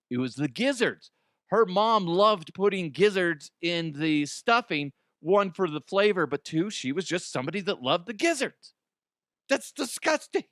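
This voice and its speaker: A man's voice: a little high, fairly bright tone, no room sound, clean studio sound. Profane, rambling comic storyteller man. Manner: loose, profane, with stammered restarts. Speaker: podcast host.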